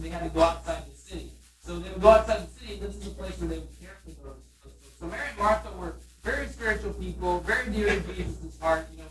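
A pastor preaching in a loose, conversational way, often restarting and saying "you know.". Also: mid-range voice. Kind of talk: sermon. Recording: roomy room from a distant mic.

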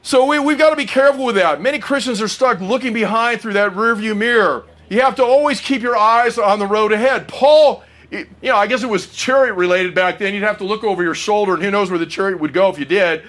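A man's voice: sits high, a little fast, hardly any pauses, a bit bright. A middle-aged man preaching a sermon, earnest and personal, often asking the congregation questions.

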